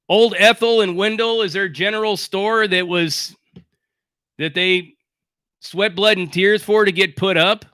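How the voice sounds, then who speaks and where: A man's voice: sits high, bright, forceful tone, smooth, no room sound, studio quality. A man hosting a livestream, ranting in a blunt, sarcastic way and swearing freely while thanking viewers. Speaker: livestream host. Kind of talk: casual livestream rant.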